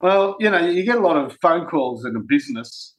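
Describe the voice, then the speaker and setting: A man's voice: a little high, animated, fairly quick. A man telling a comic phone story in casual chat, acting out the voices as he goes. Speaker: guest on a chat show.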